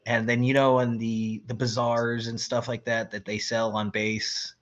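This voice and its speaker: Man, army veteran, casual storytelling, laughs often, mid pitch, muffled lo-fi sound. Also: little pitch movement, a little slow.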